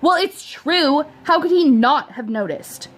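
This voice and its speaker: A woman reading a storybook aloud, voicing a sulky, sharp-tongued teenage girl who talks in a snappy, scornful way. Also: high-pitched, animated, a little slow, pitched above the performer's own voice.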